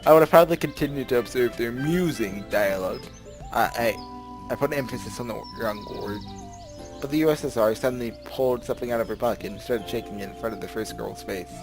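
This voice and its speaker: A man's voice: mid-range voice, fast, over music. A man at home in his bedroom, reading a visual novel's text aloud and chatting about it in a rambling, giggly way, often tripping over his words. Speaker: let's play gamer. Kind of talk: casual let's play commentary, reading game text aloud.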